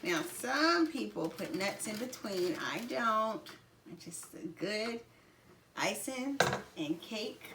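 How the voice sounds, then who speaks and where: A woman's voice: mid-range voice, expressive, slow pace. A woman host with a Southern US accent gives a cooking demonstration in a home kitchen. She chats directly to her viewers and laughs often. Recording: loud mixer noise and clicks.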